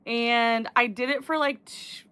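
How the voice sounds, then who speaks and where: Bright-voiced chatty woman vlogger. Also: a little high, steady tone, measured pace, clear, resonant tone. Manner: chatty, rambling with restarts and fillers. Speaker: diamond painting vlogger. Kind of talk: casual chat to camera.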